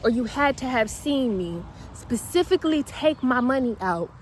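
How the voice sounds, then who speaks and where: A young woman vlogger telling a casual storytime, chatty and animated with slangy asides. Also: high voice, normal speed, slight background noise.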